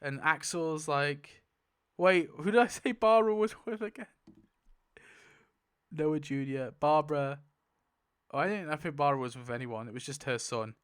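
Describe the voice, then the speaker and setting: A young man commenting casually as he spins a wheel, excitable, laughing often and swearing. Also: fairly high pitch, normal speed, long pauses, clear, resonant tone. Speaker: YouTuber spinning a wheel. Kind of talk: casual commentary while playing.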